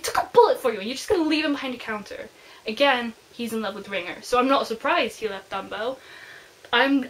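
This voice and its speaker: A woman's voice: fairly high pitch, fairly bright tone, low-quality recording. A young adult woman giving a casual book review, chatting like a gushing fan and filling her talk with "like".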